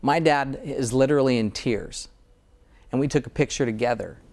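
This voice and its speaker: A man's voice: mid-range voice, moderate pace, gravelly, a little mellow. A middle-aged American dentist in a casual interview, earnest and sometimes getting emotional about his work. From United States.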